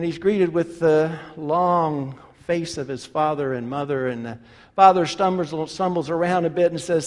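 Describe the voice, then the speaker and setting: A man's voice: fairly high pitch, a little slow, a little mellow, big-room sound. A man preaching a sermon, explaining scripture conversationally with frequent restarts. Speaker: pastor.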